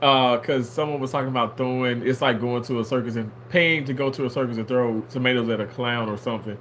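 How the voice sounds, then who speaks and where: A man's voice: medium pitch, quick pace, slight background noise. A man talking casually on a livestream, reading viewer comments aloud and answering them in a playful way with frequent laughter. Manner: animated, playful, laughs often.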